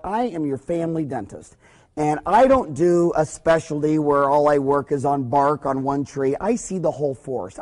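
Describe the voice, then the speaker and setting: A middle-aged man, a dentist, giving an energetic, blunt, preachy lecture to fellow dentists, acting out little scenes as he goes. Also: sits high.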